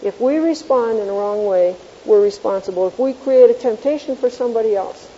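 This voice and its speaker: Woman Bible class teacher with a very dark, mellow voice, homely storyteller who quizzes the class, on dull lo-fi tape. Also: a little high, fairly quick, big-room sound. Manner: homely storytelling with self-mocking chuckles. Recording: dull lo-fi tape with faint hiss.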